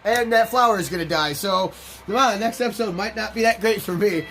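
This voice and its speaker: Profane, high-voiced man narrating gameplay. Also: fairly quick, soft background music. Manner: candid, profane, animated. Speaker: gaming channel host. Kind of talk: let's play commentary with storytelling.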